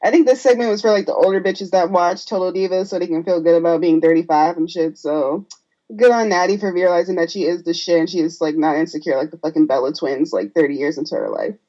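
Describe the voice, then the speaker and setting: A woman's voice: fairly low pitch, fast talker, warm tone, highs cut off. A woman co-hosting a podcast, recapping a reality show in a profane, gossipy casual chat. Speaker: podcast co-host.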